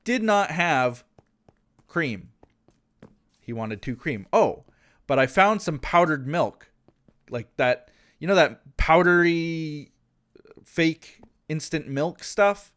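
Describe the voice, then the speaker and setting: A man's voice: on the high side, animated, slow pace, long pauses, a bit bright. A man from Canada, telling a casual anecdote in a rambling way, with many restarts and asides. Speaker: gaming channel host.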